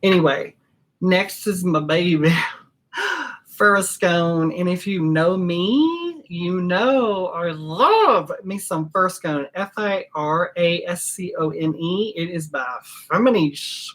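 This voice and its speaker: A middle-aged woman with a low, unhurried voice walks through a perfume formula in a casual tutorial. She talks warmly and emotionally about each ingredient, wanders off on tangents, and spells names out letter by letter. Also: lively intonation. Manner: gushing, emotional, chatty and digressive. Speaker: perfumer teaching fragrance blending. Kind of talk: casual home-studio tutorial.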